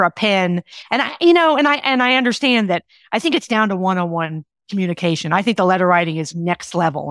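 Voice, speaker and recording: A woman's voice: fairly low pitch, no echo, clean studio sound. A woman author being interviewed as a guest, who speaks in an enthusiastic, emphatic and down-to-earth way. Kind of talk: conversational interview.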